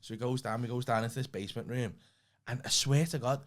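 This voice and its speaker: A man's voice: medium pitch, fairly even intonation, fast. A young man, co-hosting a podcast and telling a story in casual chat, swearing freely and laughing often. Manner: swears freely, tells stories with lots of laughing. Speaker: podcast co-host.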